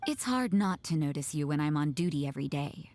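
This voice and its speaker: A woman putting on a gruff, low-voiced guard while reading game dialogue. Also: expressive, a crowd in the background. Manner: slow, mock-gruff reading of game lines.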